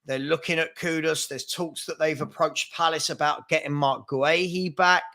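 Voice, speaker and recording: A fan channel host with a slightly high, bright voice runs a live football fan stream, speaking at a moderate pace in a steady, forceful tone. He chats loosely and reads out viewer comments, rambling with lots of fillers, repeated words and restarts.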